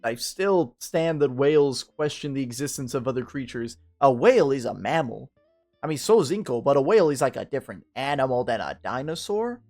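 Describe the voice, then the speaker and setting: A man's voice: medium pitch, sing-song, brisk, darkish tone, faint music behind. A tipsy man in casual game commentary, reading the text aloud, rambling and swearing. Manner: rambling, profane, tipsy and joking. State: drunk. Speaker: game streamer.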